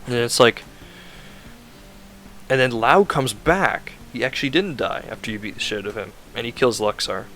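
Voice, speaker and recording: A man's voice: mid-range voice, lively intonation, moderate pace, sharp tone, a little hiss or hum. A man casually rambling through a recap of a video game plot, full of "like" fillers and self-corrections.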